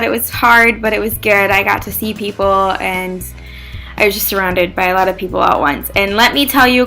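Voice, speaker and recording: Chatty young woman telling a story. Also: a little high. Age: young adult. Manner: chatty, animated, says "like" often, acts out quotes. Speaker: vlogger. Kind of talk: casual vlog storytelling.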